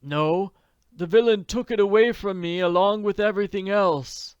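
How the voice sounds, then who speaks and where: A man's voice: sits high, normal speed, clear, resonant tone, dry recording, lo-fi sound, pitched above the performer's own voice, natural voice. A man reading an audiobook, voicing an ailing, distressed middle-aged man in a pleading, overwrought manner. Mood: distraught. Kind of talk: audiobook character voice.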